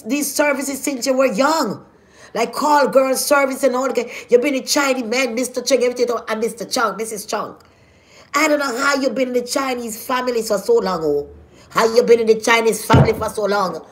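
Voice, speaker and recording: Woman, Jamaican accent, confrontational scolding vlog rant, fairly high voice. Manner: scolding, confrontational, rhetorical questions. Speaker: vlogger. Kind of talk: ranting vlog.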